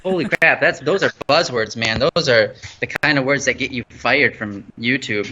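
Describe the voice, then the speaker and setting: Bright rambling man on a phone livestream. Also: medium pitch, moderate pace, a little hiss or hum. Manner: rambling, playful, loses his train of thought. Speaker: host. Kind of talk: casual livestream chat. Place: an empty new house. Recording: slightly dull lo-fi phone stream audio.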